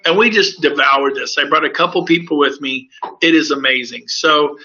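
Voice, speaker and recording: A man's voice: on the high side, normal speed, bright, forceful tone. A man, a real estate broker, giving an upbeat, persuasive sales presentation to recruits in a webinar. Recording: dull lo-fi audio.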